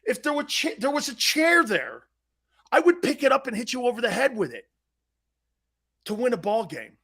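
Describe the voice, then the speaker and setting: Sports talk host, a man in his fifties, brash and profane, lively swinging delivery. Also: extremely high pitch. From United States. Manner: brash, profane, storytelling with loud shouted quotes.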